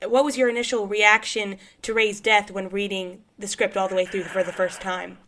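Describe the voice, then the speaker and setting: A woman's voice: mid-range voice, level tone, normal speed, a bit bright. A woman hosting an interview show, upbeat and laughing along with her guest. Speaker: talk show host. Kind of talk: interview host.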